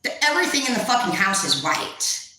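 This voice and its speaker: A woman's voice: medium pitch, sing-song, brisk, pushed and bright. A young woman doing a casual tarot reading, blunt, profane and rambling, in an echoey room. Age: young adult. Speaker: tarot reader.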